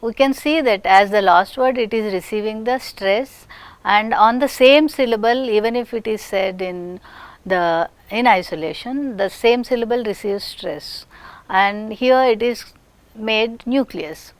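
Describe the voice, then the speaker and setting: A woman with an Indian English accent giving a recorded phonetics lecture, speaking slowly and deliberately and repeating example sentences with stress. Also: fairly high pitch, no room sound.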